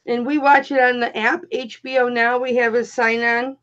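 A woman's voice: fairly high pitch, flat delivery, normal speed, a bit bright. A woman hosting a casual live stream, talking bluntly and teasing her co-hosts. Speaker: host. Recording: dull lo-fi stream audio.

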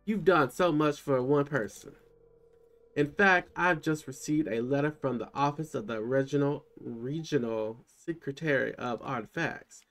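A man's voice: mid-range voice, moderate pace, fairly bright tone, soft background music, natural voice. A man voicing a polite, formal male museum curator with a put-on accent. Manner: put-on accent, courteous and fussy.

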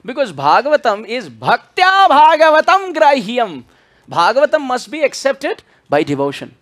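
Male preacher, high and expressive voice, chants scripture verses. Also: moderate pace. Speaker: spiritual speaker. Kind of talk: sermon.

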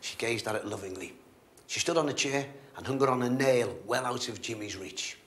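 A man reading a storybook aloud in an expressive, measured way. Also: medium pitch, breathy edge.

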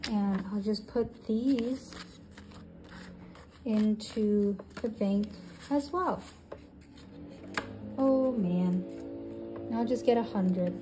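A woman in her twenties, a budgeting channel host, counting cash aloud and thinking out loud as she sorts it. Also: medium pitch, slow, music in the background. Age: 20s. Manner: counts bills aloud in steady runs; thinks aloud, with soft hesitations.

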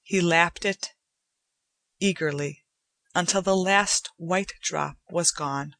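A woman narrating a short story in slow, measured, somber storytelling. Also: fairly low pitch, fairly bright tone, no room sound. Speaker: audiobook narrator. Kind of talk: scripted narration.

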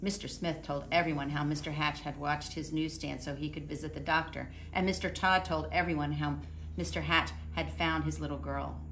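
Low-voiced gravelly woman reading aloud. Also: fairly bright tone, slight background noise. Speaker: storybook reader. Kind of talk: reading a picture book aloud.

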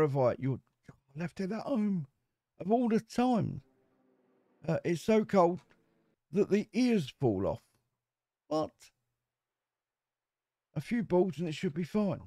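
A man's voice: high voice, big pitch swings, moderate pace, long pauses, dark tone, dry recording. A man giving casual, cheeky commentary while playing a survival game. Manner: chatty, cheeky, jokes with game characters. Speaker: gameplay commentator. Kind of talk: casual let's-play commentary.

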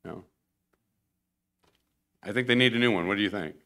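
A man's voice: fairly low pitch, a little fast, vocal fry, bright, forceful tone. A man giving a rambling, conversational mission report at a church podium, often restarting his sentences. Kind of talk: informal church presentation with slides.

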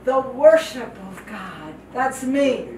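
An older woman, a missionary visiting as guest speaker, gives a testimony sermon slowly and with heartfelt emotion, repeating phrases for emphasis. Her voice is fairly high and expressive. She's recorded from far off in an echoey hall, and the audio is noisy.

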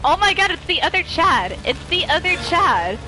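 A woman giving live gaming commentary while playing with friends, excitable and panicky, laughing often. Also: very high-pitched, normal speed, music in the background, rough recording. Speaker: gamer streaming with friends.

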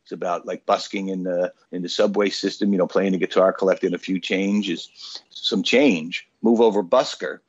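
A man's voice: deep voice, normal speed, breathy edge, highs cut off. A man in his sixties, a radio show guest, telling an anecdote in a casual way with lots of fillers. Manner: animated storyteller with frequent fillers. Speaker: guest, author.

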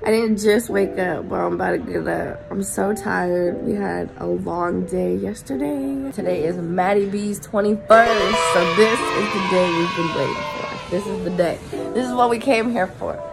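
A woman in her twenties talking casually to her phone camera, slangy and chatty, giving shout-outs. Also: medium pitch, a little slow, gravelly, music in the background. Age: 20s. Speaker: vlogger. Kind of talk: casual vlog chat.

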